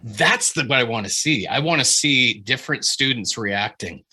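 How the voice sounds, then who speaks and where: A man leading a writing workshop over a video call, giving an animated, informal critique, swearing freely and often restarting his sentences. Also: mid-range voice, moderate pace, slightly rough.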